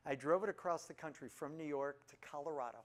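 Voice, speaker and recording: A man in his fifties introduces himself to a group, casually telling humorous family stories and asking the audience questions. His voice is fairly high and his pace quick.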